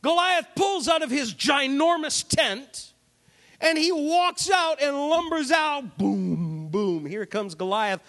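A man preacher delivering a sermon, retelling a Bible story with animated, jokey storytelling. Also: very high voice, slow.

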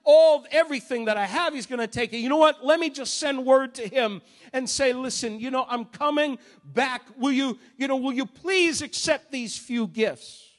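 A man voicing an anxious younger brother, hurried and pleading. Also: very high voice, voice pushed up.

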